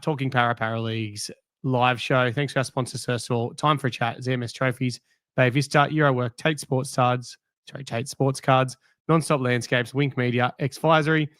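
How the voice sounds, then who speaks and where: A man's voice: mid-range voice, a bit bright, no echo. Aussie guy hosting a podcast, cheeky and teasing, dry sound. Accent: Australian. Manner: teasing, joking with panel. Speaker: podcast host. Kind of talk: casual live-stream chat.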